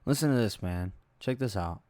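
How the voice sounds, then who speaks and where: A young adult man hosts a solo podcast, rambling through stories in a loose, profane, laid-back way. His voice is fairly low and warm with lively intonation at normal speed, and there's no room sound.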